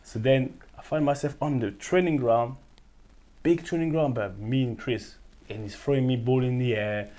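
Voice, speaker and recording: Here a Frenchman who used to play football narrates his story as a guest in English with a French accent. His pitch is medium and his pace moderate. He stays animated, laughs a great deal and performs the voices of those in the story.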